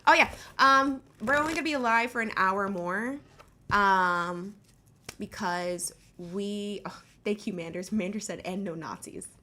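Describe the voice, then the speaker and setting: A woman's voice: medium pitch, unhurried, sharp tone, slight background noise. Woman running a livestream, casual chat, blunt, says um a lot, swears. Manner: blunt, swears freely, lots of fillers. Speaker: livestream host.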